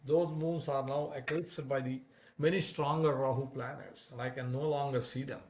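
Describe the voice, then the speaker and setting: A man voicing a charming young male divine lover who flatters and pleads in a raised, louder voice. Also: medium pitch, moderate pace, close to an everyday voice. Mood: coaxing.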